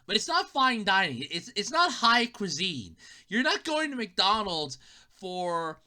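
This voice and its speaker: Woman podcast host, casual comedic monologue, bright voice and lively swings in pitch. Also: unhurried. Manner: animated, sarcastic, laughs often.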